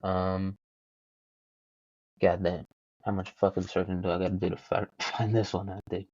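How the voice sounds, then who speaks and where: A man's voice: low-pitched, flat delivery, moderate pace, darkish tone, no room sound, highs cut off. A young man hosting a solo podcast, rambling casually with lots of swearing and self-mocking jokes. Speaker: podcast host.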